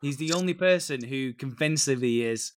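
A man's voice: medium pitch, moderate pace. A man with a British accent co-hosting a podcast, casually recapping a show and swearing freely. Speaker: podcast co-host. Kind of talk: casual chat.

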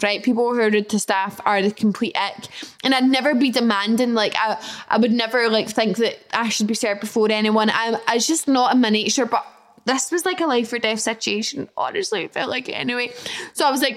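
A young woman in her twenties hosting a podcast from her flat, telling a story in a chatty, self-deprecating way. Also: on the high side, a little fast. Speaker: podcast host. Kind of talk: casual storytelling monologue.

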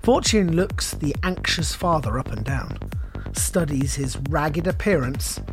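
A man's voice: a little high, animated, unhurried, over music. A man reading a script aloud as a podcast co-host, wry and theatrical, laughing often.

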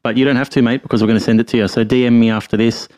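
A man's voice: medium pitch, steady tone, rapid-fire, darkish tone, no echo. A man co-hosting a podcast, upbeat and matey, swearing freely. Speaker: podcast co-host. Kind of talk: casual podcast chat.

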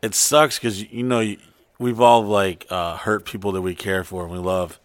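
A man co-hosting a casual podcast, telling loose stories with lots of swearing and putting on loud, high voices for the people he quotes. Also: steady tone, normal speed, clear, resonant tone, no room sound. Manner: frequent swearing. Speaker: podcast co-host.

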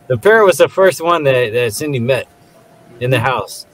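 A man's voice: mid-range voice, animated, moderate pace, slight background noise, poor audio. A man co-hosting a casual movie review podcast, laughing and acting out scenes in silly voices. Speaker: podcast co-host.

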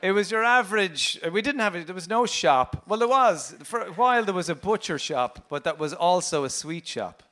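A man's voice: sits high, lively intonation, a bit bright. A man with a Limerick Irish accent, a comedian guest telling playful anecdotes on stage. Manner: anecdotal, playful, does quick impressions. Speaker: comedian and meditation teacher guest. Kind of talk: storytelling on stage.

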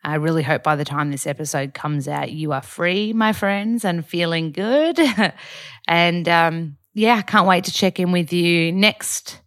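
A woman's voice: on the low side, measured pace, a bit bright. A young Australian woman hosting her own podcast, chatting in an effusive, casual way with plenty of fillers. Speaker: podcast host. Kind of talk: casual solo podcast chat.

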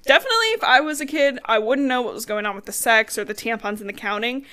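A young woman co-hosting a podcast, recapping a book in casual chat, animated and swearing, acting out characters' lines in her own voice. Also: a little high, fast talker. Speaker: podcast co-host.

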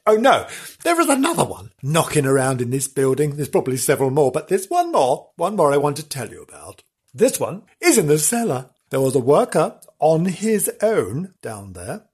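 A man's voice: fairly high pitch, wildly swooping pitch, moderate pace, a little mellow, slightly rough. A man hosting a comedy podcast who tells ghost stories in a theatrical, playful way, full of innuendo and asides. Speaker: podcast host. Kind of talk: comedic ghost-story telling.

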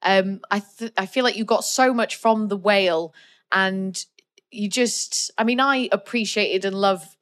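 A woman's voice: mid-range voice, measured pace, fairly bright tone. A woman co-hosting a film podcast, chatting casually with lots of "like" and "um". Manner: chatty, full of "like" and "um" fillers. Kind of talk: casual film review chat.

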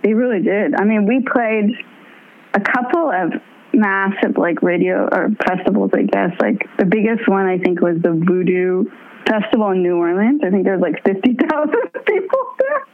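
A young woman and touring musician chatting as an interview guest, bubbly and laughing often as she tells animated stories. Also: mid-range voice, normal speed. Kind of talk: casual interview chat. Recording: tinny phone-line audio.

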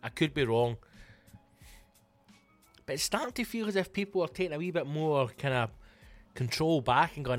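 A man's voice: on the high side, animated, normal speed, long pauses, faint music behind. Sweary Scottish man ranting. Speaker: comedian podcast host. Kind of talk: casual solo rant.

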